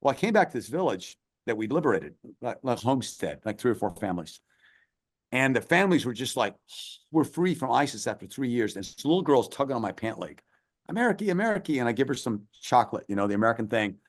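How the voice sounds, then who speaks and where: A middle-aged man, a former soldier recounting a combat story in a podcast interview, animated and emotional. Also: medium pitch, quick pace. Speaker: podcast guest, former Army Ranger. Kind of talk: personal war story in conversation.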